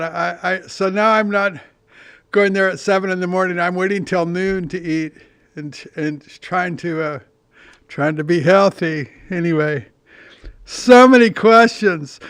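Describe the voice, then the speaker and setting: An older man from California with a high, smooth voice, rambling through stories on his own podcast. He restarts often, swears casually and pokes fun at himself. The sound is close and dry, with no room around it. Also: no echo. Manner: meandering, profane, self-deprecating storytelling with many restarts. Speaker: podcast host. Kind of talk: rambling monologue.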